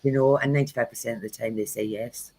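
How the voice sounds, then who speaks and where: A woman's voice: rumbling low, fairly even intonation, quick pace, darkish tone, husky, low-quality recording. A woman hosting a tarot livestream, talking casually and frankly, telling anecdotes and acting out what people said. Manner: frank, anecdotal storytelling with acted-out quotes. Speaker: tarot reader and workshop host.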